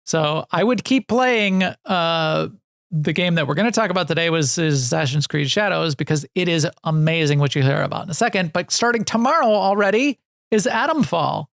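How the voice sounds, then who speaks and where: Gravelly-voiced man hosting a podcast. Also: fairly high pitch, lively intonation, normal speed, fairly bright tone, no room sound, clean studio sound. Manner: rambling, self-deprecating, many restarts and "right"s. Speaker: podcast co-host. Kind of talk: casual chat about video games.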